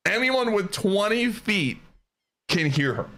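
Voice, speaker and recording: A male streamer telling a story casually while he plays. His pitch is a little higher than most men's and swings widely as he talks. He laughs often and uses a lot of slang. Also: big pitch swings, slow pace, fairly bright tone.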